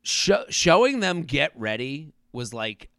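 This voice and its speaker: A man co-hosting a podcast in casual chat, talking fast with animated asides and acting out quotes. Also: on the high side, dry recording. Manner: animated, quick asides, acts out quotes in a flat robot voice. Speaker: podcast co-host. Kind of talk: casual chat recapping a reality show.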